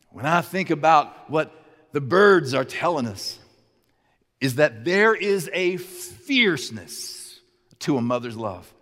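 A man preaching a sermon as a pastor, telling a story in an animated, conversational way. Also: fairly high pitch, slow, pauses often, long reverb tail.

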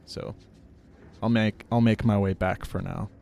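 A man plays a tabletop game, thinking aloud with frequent hesitations. His voice is low and gravelly. A faint hiss sits behind him. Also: steady tone, warm tone. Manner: deliberate, hesitant. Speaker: player.

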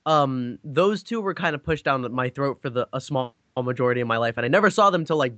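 A man's voice: medium pitch, lively intonation, brisk, bright, forceful tone, no room sound, muffled recording. A young man in casual chat, telling rambling stories with lots of swearing and laughter.

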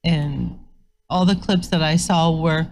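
A female co-host with a fairly low voice who talks slowly and deliberately, pausing on fillers as she thinks. Her delivery is casual and conversational. A faint hum of room noise sits behind her. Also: fairly even intonation, a little mellow. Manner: measured, thoughtful, many fillers. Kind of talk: casual chat.

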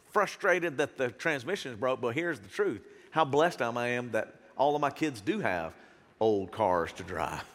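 A male pastor preaching a sermon, earnest and animated, with sudden loud bursts. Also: on the high side, long reverb tail.

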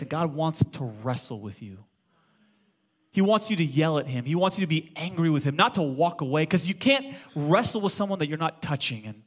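High-voiced impassioned preacher man. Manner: impassioned preaching, swings to shouting when quoting prayers. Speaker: pastor. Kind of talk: sermon.

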